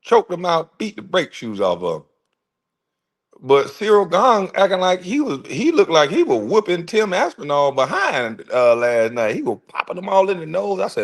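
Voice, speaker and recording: Animated man chatting on a livestream. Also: high-pitched, normal speed. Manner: animated, slangy storytelling with laughs. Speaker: livestream host. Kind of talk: casual livestream chat.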